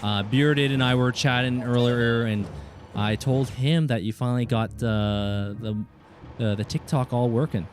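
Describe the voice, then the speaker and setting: A man's voice: mid-range voice, measured pace. A man with a British Columbian Canadian accent, chatting casually with viewers while streaming a game, friendly and thanking people by name. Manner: friendly, thanks viewers, restarts his words. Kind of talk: casual live gameplay chat. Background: game music and gunfire.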